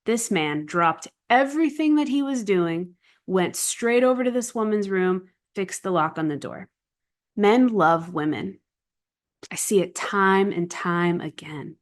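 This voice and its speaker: A woman's voice: mid-range voice, a little slow. Earnest woman coaching on relationships. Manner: earnest, emphatic, often adds "right?". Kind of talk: casual monologue to camera.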